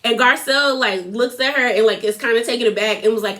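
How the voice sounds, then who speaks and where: A young woman talks through a reality show recap in loose, chatty fashion, peppering every sentence with "like." Her voice sits a bit high and sounds bright and forward. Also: fast talker. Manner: chatty, lots of filler "like", quotes people in a put-on voice. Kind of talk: casual recap chat.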